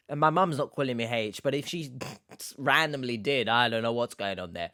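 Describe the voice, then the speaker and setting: Sarcastic man with a smooth voice. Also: medium pitch, moderate pace, few pauses, dry recording, clean studio sound. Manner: sarcastic, mocking, bursts into loud exclamations. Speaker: commentary host. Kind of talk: reaction commentary.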